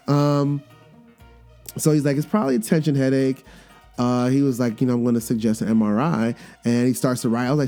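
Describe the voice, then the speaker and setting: A man in his thirties hosting a podcast, telling a story in a casual, animated way and acting out the quoted lines with sudden jumps in pitch. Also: normal speed. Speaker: podcast host. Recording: faint guitar music underneath.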